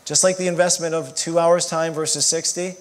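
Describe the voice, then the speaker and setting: A man's voice: a little high, level tone, brisk. A man co-teaching a church marriage class in a casual, joking way with self-deprecating asides. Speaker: marriage counselor.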